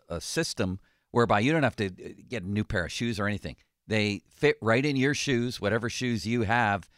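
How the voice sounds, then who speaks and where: Radio sports host guy, low voice, dry close sound, laid-back jokey ad reads. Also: dry recording. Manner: relaxed, joking, conversational. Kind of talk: casual sports radio chat and host-read ads.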